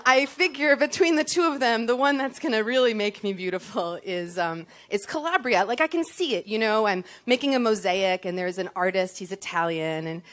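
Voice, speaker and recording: A woman's voice: mid-range voice, a bit bright. A young woman telling a comic personal story on stage to an audience, self-deprecating and full of ums.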